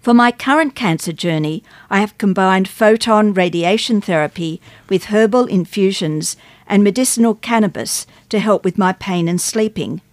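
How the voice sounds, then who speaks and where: A woman reading magazine articles aloud on a radio program, steady and clear. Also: mid-range voice, normal speed, no echo. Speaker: radio reader.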